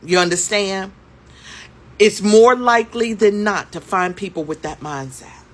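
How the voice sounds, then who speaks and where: A woman's voice: medium pitch, a little slow. A woman in her fifties telling a story to camera in a casual way, emphatic, repeating her points and asking rhetorical questions. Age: 50s.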